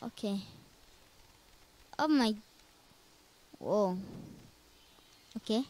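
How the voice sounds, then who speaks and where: A woman's voice: mid-range voice, animated, extremely slow, a little mellow. A woman commenting on a video game she plays, jumpy and nervous, talking to herself in slightly broken English. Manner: jumpy, nervous, talks to herself while playing; non-native English with small grammar slips. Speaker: gamer. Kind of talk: casual let's-play commentary.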